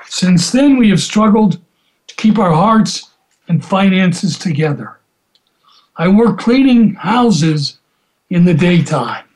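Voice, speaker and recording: A man reading aloud the words of a grieving widowed cleaning woman, a young mother, in his own soft, measured voice. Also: high-pitched, lively intonation. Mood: sorrowful.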